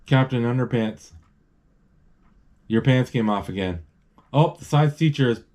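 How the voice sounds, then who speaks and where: Guy rambling through a movie live, middle pitch, keeps restarting words. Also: animated, measured pace, a little mellow. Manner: rambling, stops and restarts, reads out lines. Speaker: movie describer. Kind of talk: casual live movie narration.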